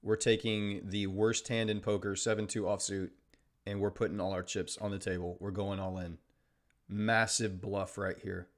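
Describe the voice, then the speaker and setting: A trading livestream host casually chats with his audience, making sarcastic jokes and reading their comments aloud. His voice is fairly low and level, at normal speed.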